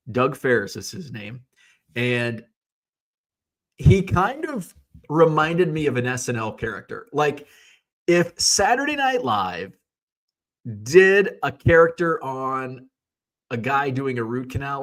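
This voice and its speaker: A man's voice: medium pitch, a bit bright. A man telling a personal story in a rambling, casual way, with loose swearing and plenty of quoted back-and-forth. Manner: rambling, conversational, swears casually, retells scenes in quoted voices. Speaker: hobby vlogger.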